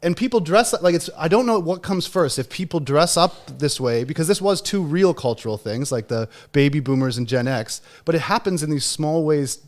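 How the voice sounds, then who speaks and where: A man's voice: on the high side, fairly quick, hardly any pauses. A man in his thirties hosting a book club livestream, rambling casually with lots of fillers. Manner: rambling, full of fillers and restarts. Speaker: book club podcast host.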